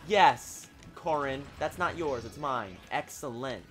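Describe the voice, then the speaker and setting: A man giving live gameplay commentary, excitable and exasperated, breaking into sudden shouts. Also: mid-range voice, slow pace, hardly any pauses, soft background music. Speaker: gaming video creator.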